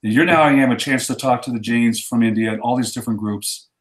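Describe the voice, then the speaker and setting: A man's voice: medium pitch, fast talker. Man, earnest storyteller, casual chat, echoey room. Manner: earnest storyteller who acts out quotes. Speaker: ministry guest.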